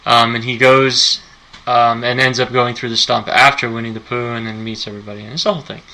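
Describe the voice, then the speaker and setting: A man's voice: medium pitch, flat delivery, a little fast, bright, forceful tone, rough recording. A man co-hosting a podcast, casually retelling a movie plot in a rambling, enthusiastic way. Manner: rambling, enthusiastic storytelling with fillers. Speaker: podcast co-host.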